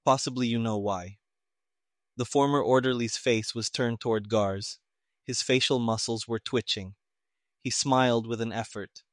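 Man, audiobook narrator, steady even reading, mid-pitched, dry close recording. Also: normal speed, no echo. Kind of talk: storybook narration.

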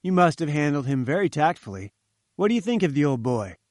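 A man's voice: a little high, very animated, brisk, a little mellow, no room sound, clean studio sound. A man doing a breezy young reporter. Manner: breezy and chummy. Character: cheerful young male journalist, breezy.

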